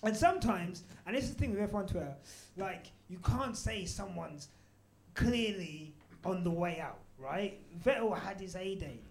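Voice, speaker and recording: Brief: young-sounding man, high voice, brash live-podcast host, swears a lot. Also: expressive, moderate pace. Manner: loud, swearing, laughing banter. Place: live event venue with audience.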